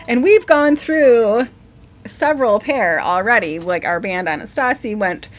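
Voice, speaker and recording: A woman's voice: fairly high pitch, expressive, unhurried. A woman co-hosting a casual live stream, telling rambling stories and laughing often. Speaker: co-host, singer.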